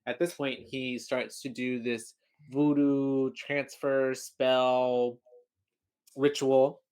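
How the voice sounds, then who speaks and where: A man with a mid-range voice co-hosts a podcast in relaxed, joking chat. He often trails off and restarts mid-thought as he walks through the film. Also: mid-range voice, drawn-out words, clean tone. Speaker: podcast co-host. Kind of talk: casual movie recap chat.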